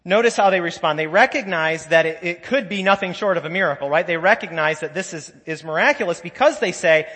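A man's voice: high-pitched, fairly quick, hardly any pauses, bright, forceful tone, husky. A man preaching a sermon as a pastor, in a conversational storytelling way, with asides and voiced quotes from the people in his stories. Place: church sanctuary. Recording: long church reverb.

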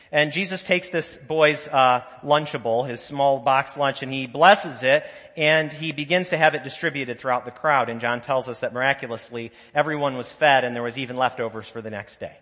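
A man with a fairly high, bright voice preaching a sermon in a church sanctuary. He talks conversationally, telling stories, making asides and acting out quotes. A long church reverb trails his words. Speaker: pastor.

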